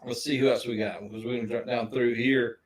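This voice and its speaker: A man's voice: mid-range voice, fairly even intonation, a little fast, a crowd in the background, poor audio. A middle-aged man, chatting casually on a livestream and greeting viewers by name. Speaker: livestream co-host.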